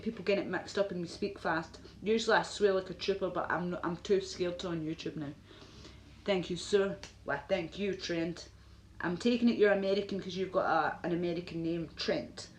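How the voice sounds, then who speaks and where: A woman's voice: on the low side, moderate pace. A Glaswegian woman live-streaming, chatting to viewers in a rambling, filler-heavy way with frequent laughs. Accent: Glaswegian Scottish. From Scotland. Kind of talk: casual live-stream chat answering viewers. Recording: roomy echo with faint noise.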